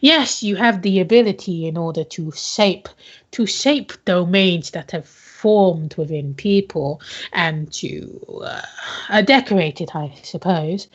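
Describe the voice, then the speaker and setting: Woman with a low voice, dull voice-chat audio. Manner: measured, thoughtful explaining with pauses. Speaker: tabletop role-play player. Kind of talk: in-character role-play over voice chat.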